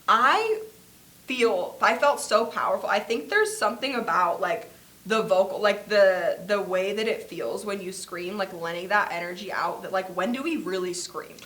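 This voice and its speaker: A woman's voice: mid-range voice, expressive, moderate pace, fairly bright tone. A young woman co-hosting a podcast, chatting casually and telling a story animatedly, with lots of filler words and acted-out quotes. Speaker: podcast co-host. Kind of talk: casual chat.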